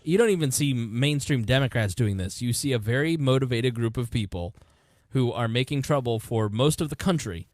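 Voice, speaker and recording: A man's voice: medium pitch, animated, moderate pace, a little mellow, no echo, studio quality. A man co-hosting a casual political podcast, earnest and prone to stammered restarts. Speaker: podcast co-host.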